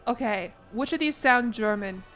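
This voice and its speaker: A woman's voice: fairly high pitch, moderate pace, fairly bright tone, faint music behind. A young woman streaming a game, talking casually and laughing at her own mistakes, often apologizing. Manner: self-deprecating, laughing, apologetic. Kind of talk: casual live-stream commentary.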